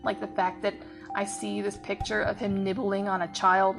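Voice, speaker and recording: A woman's voice: mid-range voice, little pitch movement, normal speed, vocal fry. Woman, podcast host, heated rant, profane, mid-range voice, music underneath. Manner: heated, profane, swinging between yelling and laughing. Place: at her workplace.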